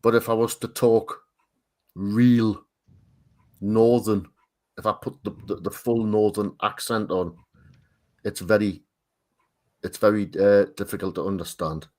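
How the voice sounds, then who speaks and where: A man with a Northern English accent from Tyne and Wear talks in a relaxed group chat. His voice sits on the low side, and he often stops and repeats himself as he reaches for the next word. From Northern England. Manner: halting, repeats words while searching for them. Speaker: art stream co-host. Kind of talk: casual group chat on a livestream.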